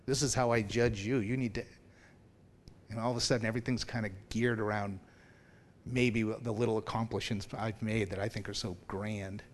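A man's voice: on the low side, flat delivery, moderate pace. A man preaching a sermon to his congregation in a conversational way, asking them questions as he goes. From Anglican family background. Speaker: minister.

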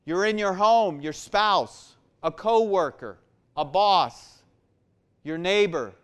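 A man's voice: sits high, lively intonation, takes it slowly, fairly bright tone, clean tone. A man preaching a sermon to his church, repeating words for emphasis and building in force. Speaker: pastor.

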